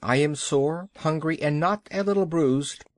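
A man voicing an eager young boy in a children's audiobook, calling out brightly. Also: a little high, unhurried, no room sound, clean studio sound, voice pushed up, close to an everyday voice.

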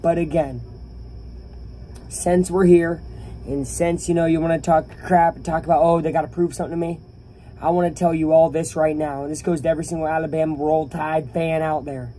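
Casting: a man, opinionated sports vlogger, mellow tone, faint hiss in the background. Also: a little high, moderate pace. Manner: animated, opinionated, talks to viewers. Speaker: YouTuber. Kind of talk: casual sports rant to camera.

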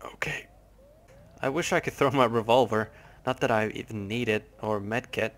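A man's voice: on the low side, fairly even intonation, moderate pace, fairly bright tone. A young man hosting a gaming channel, giving jumpy, nervous let's play commentary with lots of swearing.

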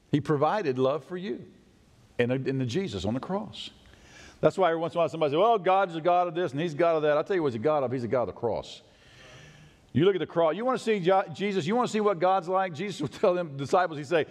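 A male pastor delivers a sermon with a lively, rising and falling pitch that sits a little above the usual. He swings from loud declarations to hushed asides. His voice rings with the long reverb of a church sanctuary. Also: brisk. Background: congregation responses.

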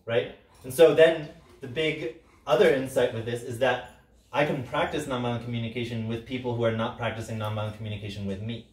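A man's voice: medium pitch, fairly quick. A man leading a workshop, talking casually and acting out the quoted lines with a lot of energy. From Sicilian background. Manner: animated, acts out quoted lines loudly, frequent "right?". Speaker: workshop facilitator. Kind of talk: workshop talk. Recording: roomy, from a distance.

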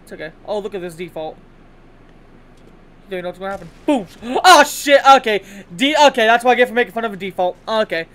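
A young man giving live gameplay commentary as a gaming YouTuber, excitable and taunting, often bursting into yells at other players. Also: sits high, quick pace, pauses often.

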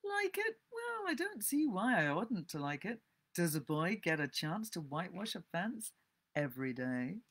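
A woman's voice: on the low side, sing-song, moderate pace, husky. A woman voicing a crafty boy who drawls offhand answers while pretending not to care. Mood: sly. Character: sly, crafty boy feigning indifference.

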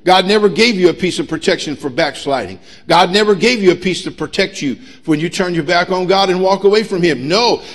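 Man, middle-aged, pastor, sermon, slightly high voice, emphatic, humorous. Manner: emphatic preaching with humor and rising intensity. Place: church sanctuary.

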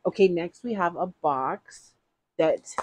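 A middle-aged woman vlogger talks through an unboxing in a chatty, gushing, rambling way. Her voice sits low and comes out husky. She takes her time, speaking at an unhurried pace. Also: a little mellow. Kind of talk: casual unboxing chat.

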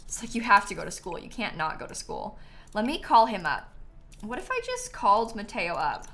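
Bright, lively young woman streaming a game. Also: medium pitch, moderate pace. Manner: chatty and animated, laughing and talking to the game. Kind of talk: casual live-stream gameplay chat. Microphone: headset.

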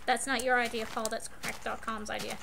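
A woman co-hosting a gameplay commentary, excitable, yelling and swearing at the game. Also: fairly high pitch, a little fast, vocal fry. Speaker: let's play co-host. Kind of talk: gaming commentary. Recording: loud background hiss.

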